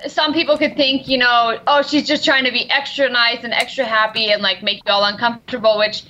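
Bright-voiced woman on a dull call line. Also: fairly high pitch, fairly even intonation, brisk. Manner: easygoing, many "like" and "um" fillers. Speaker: guest fighter. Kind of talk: interview answers. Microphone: remote call line.

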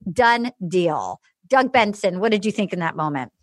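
A woman hosting a casual podcast chat, animated and acting out quotes. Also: normal speed, dry recording. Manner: animated, acts out quotes with big pitch swings. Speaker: podcast host.

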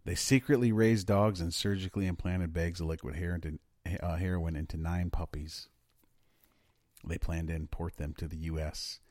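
This co-host has a deep, steady, slightly mellow voice and talks at a normal speed during a loose, profane, laugh-filled podcast chat about news. The studio sound is clean, with no room sound.

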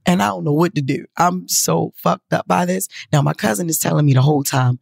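A woman telling a story to her viewers in a casual, profane, animated way. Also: sits low, brisk, vocal fry, hardly any pauses, slightly rough, no room sound.

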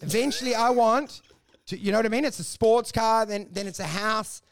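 A man's voice: high-pitched, brisk. A man co-hosting a podcast in casual comedic banter, riffing and acting out mock conversations with lots of swearing. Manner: animated riffing, acts out mock dialogue, swears. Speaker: podcast co-host.

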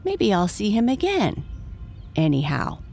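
A woman voicing an excited little girl in a bedtime storybook, speaking high and eager. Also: measured pace, vocal fry, soft background music, heavily acted. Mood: wistful.

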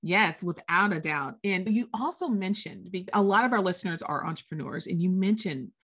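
A woman hosting a podcast interview, enthusiastic and quick to laugh. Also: on the low side, fairly bright tone, husky. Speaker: podcast host. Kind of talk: casual interview chat.

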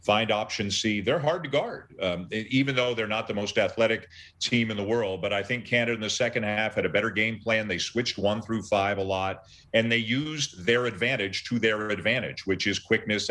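A man's voice: fairly low pitch, a bit bright. A middle-aged man, a sports broadcaster on as a guest, talking casually and enthusiastically, often restarting his sentences. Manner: enthusiastic, halting restarts, analytical. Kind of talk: casual sports talk interview.

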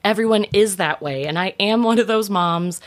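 A woman in her thirties, a mother and podcast guest, chatting warmly and laughing often. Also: medium pitch, normal speed. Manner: warm, empathetic, laughs often, expressive. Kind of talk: casual chat.

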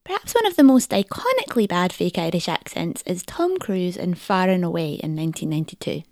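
A woman's voice: on the low side, very animated, fairly quick, a little mellow, no room sound, studio quality. A woman presenting a feature in scripted narration, with a wry delivery.

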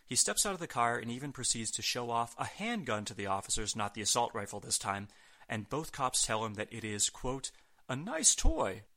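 A man narrates a scripted recap as the show's host. His tone is bright and forceful, and he drops dry, sarcastic asides along the way. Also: medium pitch, animated, a little fast. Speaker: podcast host.

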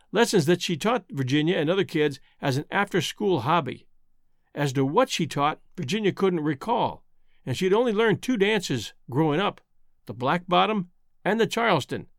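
A man's voice: on the high side, no echo, studio quality. A man narrating a scripted account in a pointed, sardonic way.

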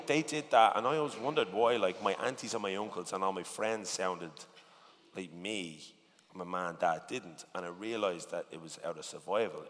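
A man with a working-class Dublin accent, talking in a casual interview, animated and swearing often with lots of "you know what I mean". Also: sits low, long reverb tail. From Dublin, Ireland. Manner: animated, swearing, filler-heavy storytelling. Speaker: rapper, interview guest.

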